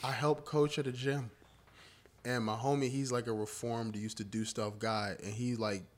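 A man hosting a podcast, telling animated stories in casual chat and swearing freely. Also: medium pitch, moderate pace. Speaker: podcast host.

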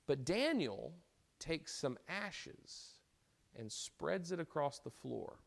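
Guy teaching a bible class, chatty storyteller, keeps stumbling and restarting words. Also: medium pitch. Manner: repeats and restarts words, conversational asides. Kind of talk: informal lecture, retelling a story.

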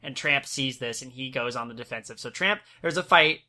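A man co-hosting a relaxed film discussion, with a bright, sharp tone. He retells scenes with energy and slips into quick character voices. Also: medium pitch. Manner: animated retelling, acting out characters' lines. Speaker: podcast co-host. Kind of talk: casual movie discussion.

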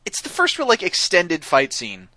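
A man's voice: high voice, wildly swooping pitch, normal speed, sharp tone. A man co-hosting a podcast, chatting casually about a cartoon and asking jokey, playful questions. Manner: enthusiastic, jokey, asks playful what-if questions. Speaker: podcast co-host. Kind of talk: casual chat recapping a cartoon episode.

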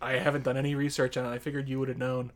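A man's voice: mid-range voice, level tone, racing. A man in his thirties co-hosting a casual chat, asking loose curious questions. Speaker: podcast co-host.

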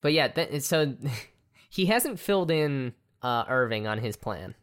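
A young woman with a strikingly deep, low voice, talking through a movie in a relaxed, halting way. She stumbles over her words now and then and laughs easily. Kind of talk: casual chat about a film.

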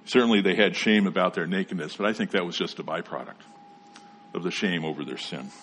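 A man preaching a sermon, explaining scripture in a measured teaching manner and reading passages aloud. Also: low-pitched, fairly bright tone, a little hiss or hum. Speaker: pastor.

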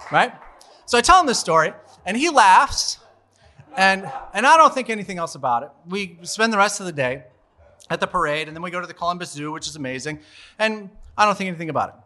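A man's voice: high-pitched, expressive, fast talker, sharp tone, slight background noise. A man in his forties telling a funny personal story live on stage into a microphone, chatty and laughing at his own tale. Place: live storytelling show at a bar venue.

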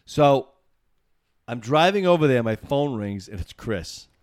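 A man, co-hosting a show and telling a funny story in casual chat, acting out other people's lines in shrieking falsetto. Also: measured pace, dry recording, clean studio sound. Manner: animated, acts out quotes with shrieking falsetto voices. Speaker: show co-host.

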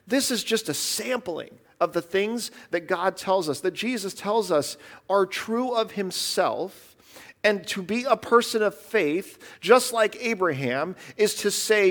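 Man, pastor, high tenor, earnest conversational sermon. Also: lively intonation, measured pace, a bit bright. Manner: earnest, conversational preaching with fillers. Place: church.

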